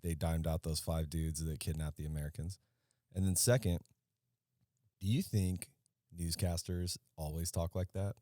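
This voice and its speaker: Podcast co-host, male, very deep, dry studio sound, loose rambling storyteller. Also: fairly even intonation, moderate pace, dark tone, no echo. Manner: rambling storyteller, swears freely. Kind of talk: casual chat.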